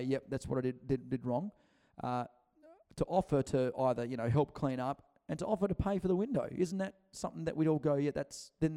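Male preacher, chatty and animated, a little higher-pitched than most men. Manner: chatty, acts out quotes, many restarts. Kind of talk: conversational sermon.

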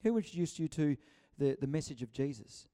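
Male preacher, chatty and animated, a little higher-pitched than most men. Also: brisk. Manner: chatty, acts out quotes, many restarts. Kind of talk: conversational sermon.

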